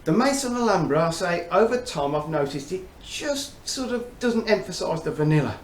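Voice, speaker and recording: Talking casually to camera, a middle-aged man reviews fragrances in a chummy, chatty way, telling stories as he goes. His voice is high-pitched and sing-song at normal speed, with a roomy echo and faint background noise.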